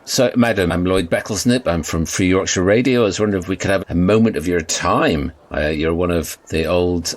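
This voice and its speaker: A man's voice: deep voice, brisk, hardly any pauses, close to an everyday voice. A man playing a polite, bemused radio reporter in a comedy audio sketch. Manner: polite, bemused, stiffly formal.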